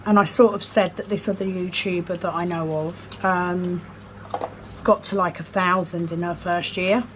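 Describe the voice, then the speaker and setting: A woman's voice: lowish voice, fairly even intonation, rough recording. Chatty woman with background hiss. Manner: chatty, self-deprecating, murmurs numbers slowly. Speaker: vlogger. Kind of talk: casual chat while sorting craft supplies.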